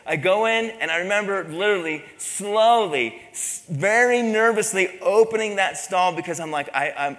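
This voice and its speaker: A man's voice: sits high, expressive, normal speed, few pauses, fairly bright tone, long reverb tail. A man preaching a sermon as pastor, telling a personal story with mimicked voices and laughter.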